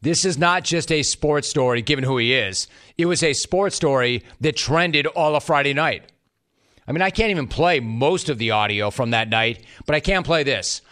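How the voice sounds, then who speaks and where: A man's voice: medium pitch, normal speed, a bit bright. A man delivering scripted sports commentary in a wry, mocking way.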